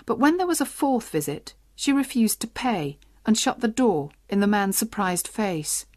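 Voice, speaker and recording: Steady woman storybook narrator. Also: medium pitch, normal speed, no echo, clean studio sound. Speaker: audiobook narrator. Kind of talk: graded-reader narration for learners.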